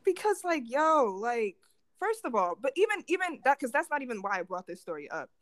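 Young woman podcast co-host, lively storyteller who acts out the quotes, dry close sound. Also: sits high, fairly quick, dry recording. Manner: animated storytelling with lots of acted-out quotes. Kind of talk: casual podcast chat.

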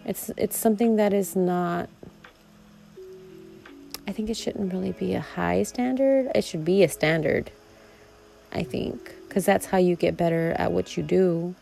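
Woman vlogger, casual heartfelt monologue, low gravelly voice, rambling. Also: a little slow, pauses often, faint music behind, rough recording. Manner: rambling, warm and reflective, with laughs.

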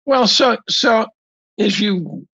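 A professor, interviewed as a guest, speaks bluntly and emphatically, giving his opinions conversationally and often restarting his sentences. His high, husky voice has a sharp tone and a slow pace, captured in a dry, lo-fi recording.

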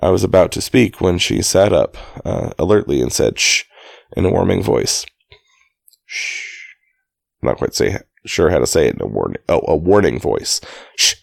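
A man with a very low, gravelly voice reads a story aloud in an easygoing, unpolished way. He often stumbles, backs up and corrects his words. The sound is close and dry. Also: big pitch swings, fairly quick, few pauses, darkish tone, no echo. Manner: casual, stops to restart and correct himself. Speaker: reader. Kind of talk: amateur audiobook reading.

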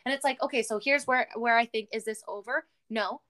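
A Canadian woman hosts a casual podcast chat, ranting with animated energy and swearing freely. Her voice sits somewhat high. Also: fairly quick. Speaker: podcast host.

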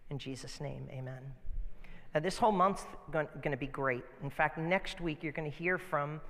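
Chatty pastor preaching in a reverberant hall. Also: male voice, a little high. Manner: conversational, animated storytelling with restarts. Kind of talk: sermon. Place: church sanctuary. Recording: church hall with long reverb.

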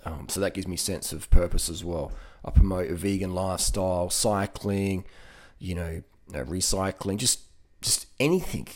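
A man's voice: deep voice, moderate pace. A man with an Australian accent talking casually and motivationally, often repeating words and laughing. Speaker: vegan cycling advocate.

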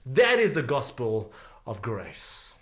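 A man's voice: mid-range voice, wildly swooping pitch, slow, fairly bright tone. A male pastor preaching a sermon earnestly, repeating key phrases for emphasis.

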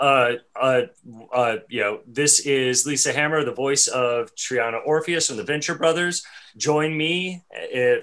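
A man hosting a podcast, speaking casually and haltingly, with many "uh"s. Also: mid-range voice, fairly bright tone. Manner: halting, lots of "uh"s. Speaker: podcast host.

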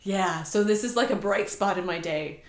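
A woman in her thirties co-hosting a podcast in casual chat, talking in a lively, emphatic way and acting out what people say. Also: mid-range voice, moderate pace. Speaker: podcast co-host. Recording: echoey room.

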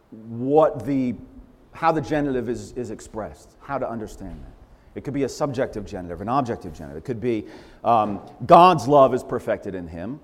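A man preaching a sermon in an emphatic, animated way, repeating phrases for stress. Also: medium pitch. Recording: long hall reverb.

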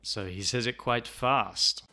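A male English teacher explaining pronunciation, slow and deliberate, repeating phrases to demonstrate them. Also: mid-range voice, pushed and bright, soft background music. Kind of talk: language lesson explanation.

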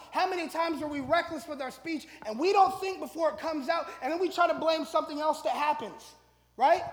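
A man preaching a sermon as pastor, chatty, with frequent "right?" tags and loud emphatic stretches. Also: extremely high pitch. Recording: echoey hall, long reverb.

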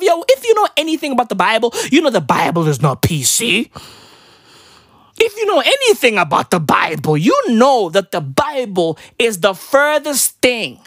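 Woman ranting for laughs, high voice all over the place, rambly, dry close sound. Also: no echo. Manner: rambling, exclamatory, keeps asking "right?". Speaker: comedian. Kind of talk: irreverent comedic rant.

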